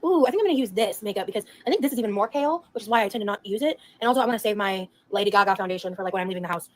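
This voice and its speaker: A woman's voice: medium pitch, racing, dry recording. A woman doing a casual makeup live stream, chatty and rambling to her viewers as she works.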